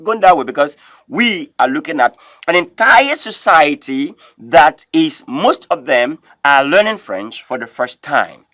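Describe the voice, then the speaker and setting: A man leads a French pronunciation lesson and says each word several times so learners can copy it. His voice sits somewhat high. The sound is dry and close, and he keeps coming back to "of course". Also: fairly bright tone, no room sound. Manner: repeats words slowly for learners to copy. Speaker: French teacher. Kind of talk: classroom lesson, teaching pronunciation.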